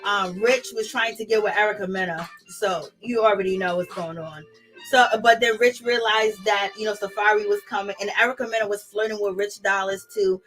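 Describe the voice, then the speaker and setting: A young woman talks through reality TV drama in a chatty, sassy gossip style. Her voice is bright and slightly high. She laughs easily, and faint music plays underneath. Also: rough recording. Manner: chatty, sassy, laughs often, quotes people in mock voices. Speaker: reality TV recap host. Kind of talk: casual gossip commentary.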